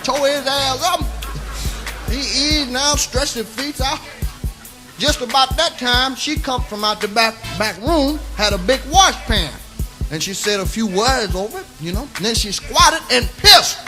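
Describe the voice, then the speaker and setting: A man's voice: very high voice, animated, measured pace, music in the background. A man telling a raunchy comic story in a sing-song, drawling way, often breaking into laughter.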